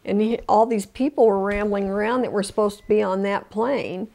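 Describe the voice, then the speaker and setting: An older woman tells her story emotionally in an oral history interview, restarting often and acting out the voices of people she quotes. Her medium-pitched voice is a little mellow and moves at a normal speed.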